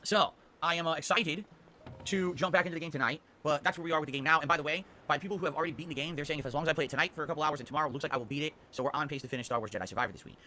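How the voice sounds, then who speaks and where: A male game streamer talks through his week's plans at a rapid clip, tacking "okay?" onto his points. His voice is bright and forceful, sitting a little high for a man, with a faint ambient hiss behind it. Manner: upbeat, rambling, often ends with "okay?". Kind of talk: casual stream schedule rundown.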